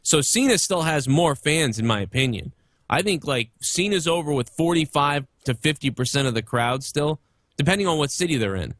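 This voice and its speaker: A man's voice: on the high side, expressive, moderate pace, a bit bright, no echo. A man in his thirties talking casually and opinionatedly about wrestling, rambling and swearing freely. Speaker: podcast guest.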